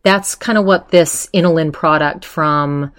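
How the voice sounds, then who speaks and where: A woman's voice: deep voice, unhurried, a bit bright. A woman hosting a podcast, chatting casually as she retells a story, full of fillers and quoted voices. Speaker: podcast host.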